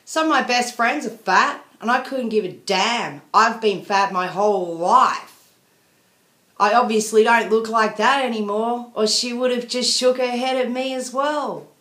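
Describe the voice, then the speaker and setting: A woman's voice: fairly high pitch, a little slow, fairly bright tone. A woman venting in a casual video diary, rambling and apologetic. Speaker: vlogger. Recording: echoey room.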